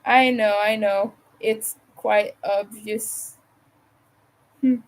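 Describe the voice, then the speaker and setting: A woman's voice: mid-range voice, steady tone, drawn-out words, low-quality recording. A woman from Montreal with a Montreal English accent, hosting a casual crochet livestream from home, rambling and thinking aloud as she works. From Montreal, Canada. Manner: rambling, chatty, thinks aloud while crafting.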